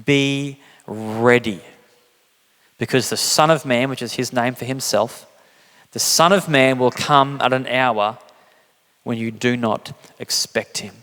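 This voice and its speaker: A man's voice: slow pace, a bit bright. A man preaching a sermon in a casual, joking way, acting out quotes with big jumps in his voice. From England. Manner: conversational, jokey, acts out quotes with big pitch jumps. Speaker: pastor. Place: church hall. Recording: church hall reverb.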